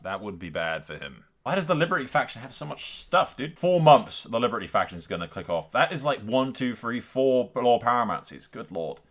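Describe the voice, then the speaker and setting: A man's voice: medium pitch, a little fast, few pauses. A man playing a strategy game at home, chatting casually to his viewers, laughing and talking to the characters on screen. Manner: animated, talks to the game characters, laughs often. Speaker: gaming YouTuber. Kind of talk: casual let's-play commentary.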